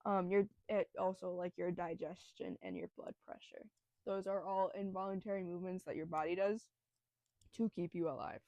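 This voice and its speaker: A woman's voice: lowish voice, steady tone, moderate pace, a little mellow, no room sound, lo-fi sound. Young woman host, nervous and self-deprecating, rambling casual delivery, dry close sound. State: nervous, breathing heavily. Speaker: student host explaining biology. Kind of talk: casual educational podcast.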